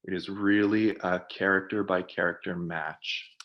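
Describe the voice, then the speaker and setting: Give me a low-voiced man demonstrating software on a webinar call, patiently explaining as he goes. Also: steady tone, unhurried, lo-fi sound. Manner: explanatory, thinks aloud while demonstrating. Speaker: product team presenter.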